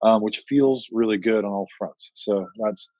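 Casting: low, husky male founder, animated storyteller, slightly muffled podcast sound. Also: normal speed, no echo. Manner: animated storytelling, acts out quoted dialogue. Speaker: startup founder and guest. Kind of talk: casual interview talk. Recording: muffled dry podcast audio.

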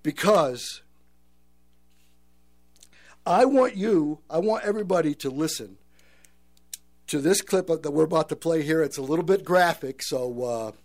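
A man's voice: on the high side, animated, unhurried, long pauses, darkish tone. A man hosting a talk radio show, talking earnestly to listeners and calling them folks.

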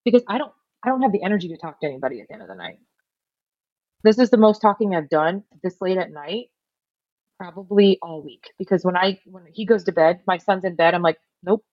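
A woman co-hosting a podcast, talking in a weary, low-key way. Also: a little mellow, dry recording. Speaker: podcast co-host. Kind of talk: casual chat. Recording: dull dry sound.

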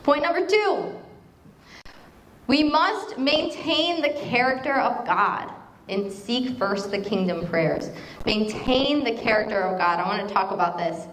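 Animated woman preaching in an echoey hall. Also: on the high side, unhurried, a little hiss or hum. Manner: conversational, animated storytelling preaching. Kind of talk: sermon.

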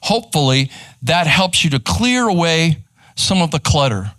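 A man's voice: a little high, sing-song, normal speed, fairly bright tone, no room sound. A man teaching as a pastor in a church, speaking conversationally and often checking in with his listeners with "okay?" and "right?". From Texas. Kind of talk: live church teaching with slides. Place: church room.

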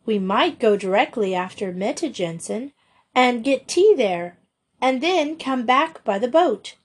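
An earnest, cheerful schoolgirl pitches a little higher than the reader's own voice and chatters on. A woman reads her in a storybook recording. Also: animated, measured pace, breathy edge. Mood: eager.

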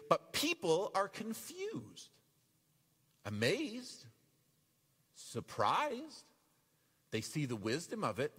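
A male pastor preaching to his congregation with a fairly high voice. He talks in an animated, lively way and briefly acts out the voices in the passages he reads. The sound carries a long church-hall reverb. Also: slightly rough. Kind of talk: sermon.

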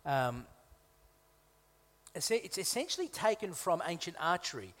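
A man's voice: sits high, sing-song, unhurried, fairly bright tone. A man from Malta, a guest preacher, delivering a conversational sermon with humorous asides and emphatic repetition. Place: church hall. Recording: reverberant hall.

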